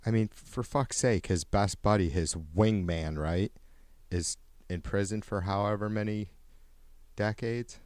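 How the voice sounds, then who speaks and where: A man's voice: on the low side, a little slow, a little mellow, no room sound. A man hosting a live talk show, chatting bluntly with crude jokes and chuckling asides. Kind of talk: casual live show banter.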